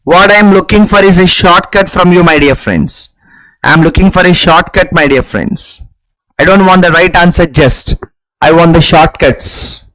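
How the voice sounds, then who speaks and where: Tutor, man, high voice, repeats phrases as drills, clears throat often. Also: moderate pace, fairly bright tone, rough recording. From India. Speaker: English teacher. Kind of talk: live online exam-prep lesson.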